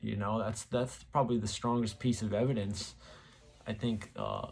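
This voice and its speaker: A channel host rambles casually to camera, musing aloud and leaning on many fillers. He speaks at normal speed in a fairly low, gravelly voice that's a little mellow.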